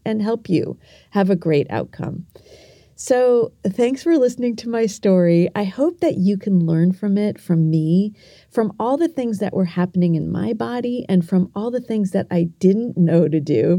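A middle-aged woman hosting a podcast who tells a story and teaches kids in an earnest, gentle way, speaking directly to the listener. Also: medium pitch, dry recording, studio quality. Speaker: podcast host.

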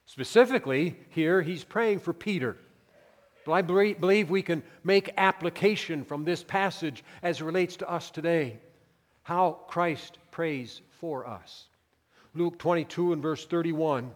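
A man's voice: fairly high pitch, a little slow, in a large hall. A man preaching a Sunday sermon as pastor, earnest and emphatic, in a church. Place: church sanctuary.

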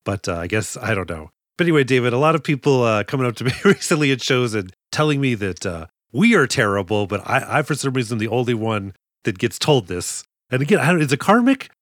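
A man's voice: mid-range voice, very animated, fast, fairly bright tone, dry recording, studio quality. A man co-hosting a podcast, telling stories in a joking, self-deprecating way. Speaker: podcast co-host. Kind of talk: casual chat.

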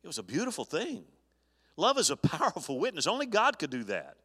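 A man's voice: sits high, huge pitch swings, a little fast, bright, forceful tone, breathy edge. A middle-aged man, a pastor, preaching an earnest sermon, often restarting his sentences as he talks. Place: church sanctuary. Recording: long church reverb.

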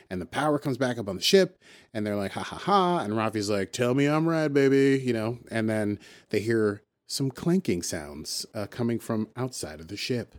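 A man co-hosting a podcast, recapping an episode in a rambling, playful way and dipping into quick voices when he quotes characters. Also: lowish voice, a little mellow. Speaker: podcast co-host. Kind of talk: casual recap chat.

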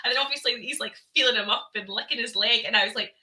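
A woman chatting casually about a film, animated and laughing often. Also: fairly high pitch, fairly quick, hardly any pauses, rough recording. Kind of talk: casual film review chat.

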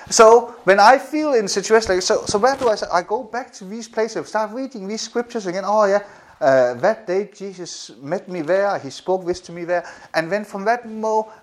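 A man preaching a sermon in an animated way, repeating phrases and often laughing. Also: high voice.

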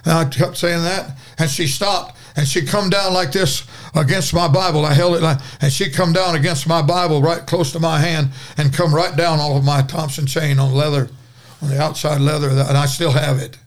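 An older preacher tells his story in a folksy, dramatic way, starting over now and then as he goes. His voice sits fairly high for a man, and he talks like he is chatting across a table on a podcast. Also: steady tone, moderate pace. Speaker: guest preacher.

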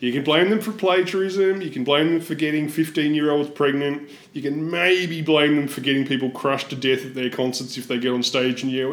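A man's voice: on the high side, steady tone, fairly quick, hardly any pauses, roomy sound. A man in casual podcast chat who hedges his points and chuckles as he talks. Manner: hedging, chuckles between points.

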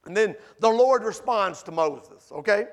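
A man with a very high-pitched voice delivers a sermon to his congregation. He moves between casual asides and passionate, shouted emphasis. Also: a little slow. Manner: animated preaching, rising to shouts for emphasis. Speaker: pastor. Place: church sanctuary.

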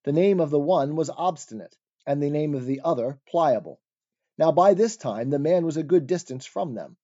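Mellow male narrator, lo-fi recording. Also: a little high, animated. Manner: measured, formal, archaic phrasing. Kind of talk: scripted narration of an old allegory. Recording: dull lo-fi recording.

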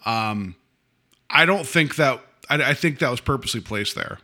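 A man's voice: medium pitch, lively intonation, moderate pace, pushed and bright. A man co-hosting a podcast, eagerly sharing theories about a TV episode and quizzing his co-host. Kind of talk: casual chat discussing a TV episode.

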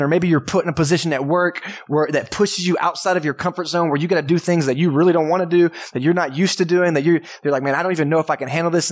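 A man as pastor giving a sermon in a church, talking in a casual, conversational way and asking the congregation questions. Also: a little high.

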